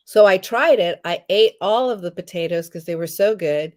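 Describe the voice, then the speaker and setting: A woman's voice: mid-range voice, normal speed, few pauses, darkish tone. A middle-aged woman chatting in a live interview, telling stories, acting out what people said and laughing often. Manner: chatty storyteller, acts out quotes, laughs often. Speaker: guest, home jam maker. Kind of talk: casual live interview chat.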